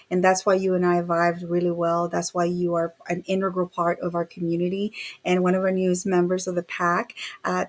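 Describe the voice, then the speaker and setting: A woman hosting a podcast interview, upbeat and encouraging toward her guest and audience. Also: on the low side. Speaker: podcast host. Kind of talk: interview conversation.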